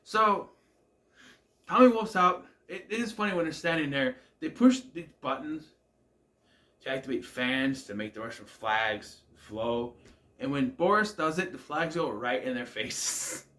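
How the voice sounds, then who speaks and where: A man's voice: mid-range voice, unhurried, bright, forceful tone. A man casually recapping and reviewing a TV episode, musing aloud, questioning the plot and often trailing off with "I don't know.". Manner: laughs at the scenes.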